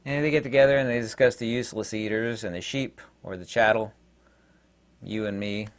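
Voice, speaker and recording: A man's voice: lowish voice, brisk. A man hosting his own channel, talking in a rambling, digressive monologue full of fillers. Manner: animated, digressive, many fillers. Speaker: channel host.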